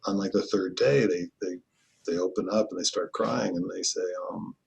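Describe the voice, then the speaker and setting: A middle-aged man, a family therapist and trainer, telling stories in an earnest, reflective way and often softening his voice. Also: fairly even intonation, normal speed, creaky. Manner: earnest, reflective, often drops to a soft low voice. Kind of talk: conversational storytelling.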